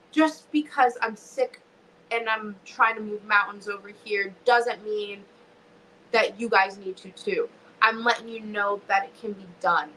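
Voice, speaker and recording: A woman's voice: medium pitch, pushed and bright, a little hiss or hum, low-quality recording. A young woman, a wrestler and podcast guest, talking emotionally and swearing freely, with many restarts. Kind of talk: casual podcast chat.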